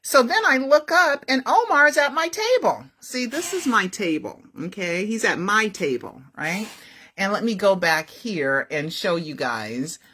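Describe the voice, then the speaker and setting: A woman's voice: medium pitch, very animated, a little slow, pushed and bright. A woman telling a story to her viewers in a casual, chatty way, often checking in with "right?" and "okay?". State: feeling unwell.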